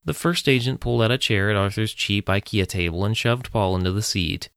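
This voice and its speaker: A man narrating a story in a steady, even audiobook reading. His voice is very deep, and the recording is close and completely dry. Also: a little fast, creaky, no echo.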